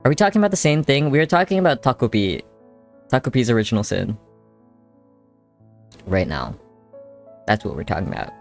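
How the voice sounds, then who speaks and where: A man's voice: medium pitch, sing-song, brisk, gravelly, long pauses, soft background music. A young man streaming live while drawing, chatting casually with his chat in a rambling way and swearing freely.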